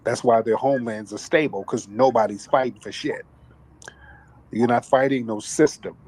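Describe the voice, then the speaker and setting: A man's voice: mid-range voice, moderate pace, darkish tone, slight background noise, low-quality recording. A man hosting a commentary talk show, talking emphatically and profanely like a preacher. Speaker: host.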